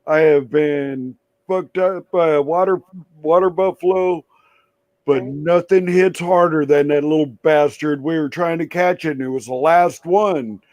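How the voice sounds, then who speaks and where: Male co-host, blunt profane anecdote teller with a slightly raised pitch; dry recording. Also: unhurried, a little mellow, no echo. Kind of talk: casual chat.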